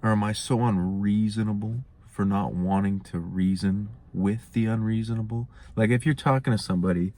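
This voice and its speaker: A man's voice: fairly low pitch, steady tone, moderate pace, hardly any pauses, warm tone, a little hiss or hum. A young man hosting his own show, musing in a laid-back, rambling way. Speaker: host. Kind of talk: casual monologue.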